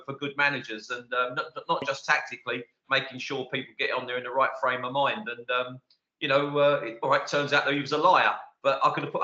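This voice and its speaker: A man in his sixties reminiscing as a podcast guest in a chatty, casual way. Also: medium pitch. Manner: chatty, warm recollection with fillers. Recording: roomy, dull remote audio.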